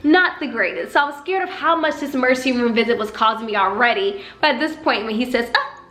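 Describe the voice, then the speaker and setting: A young woman with a slight Southern country accent tells a personal story in a vlog, acting out the people in it with lively put-on voices. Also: fairly high pitch, fast. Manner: animated, acts out dialogue with exaggerated voices. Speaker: vlogger. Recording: echoey room with faint music.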